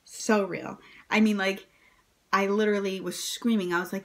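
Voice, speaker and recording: A woman vlogger telling her birth story to camera in a casual, chatty way, full of "like" and "um", jumping up high when she quotes herself and others. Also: fairly even intonation, normal speed, fairly bright tone. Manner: chatty, many fillers, acts out quotes in a high voice.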